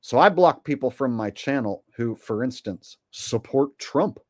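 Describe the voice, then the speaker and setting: A man's voice: mid-range voice, lively intonation, measured pace, dry recording, studio quality. A man hosting a commentary vlog and reading viewer donations, with a rambling, sarcastic and profane way of talking.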